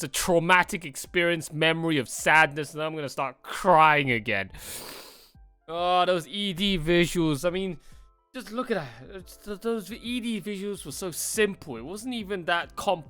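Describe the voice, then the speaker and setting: A man with a bright, crisp, fairly high voice gushes through a rambling anime reaction, cursing as he goes. He sounds choked up. His voice is close and dry, with faint music behind it. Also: no room sound. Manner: rambling, swears often, choked up and gushing. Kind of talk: emotional reaction commentary.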